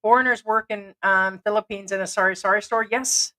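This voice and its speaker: A woman's voice: mid-range voice, fairly even intonation, brisk, bright, forceful tone, rough recording. Chatty woman livestream co-host. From United States. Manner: chatty storyteller, acts out quoted dialogue. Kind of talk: casual livestream chat.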